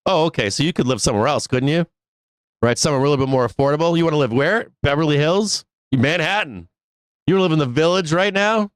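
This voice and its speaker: A man's voice: a little high, quick pace, clear, resonant tone, no echo. A man hosting a live stock market show, ranting bluntly with swearing, laughs and restarts. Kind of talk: casual live-stream rant.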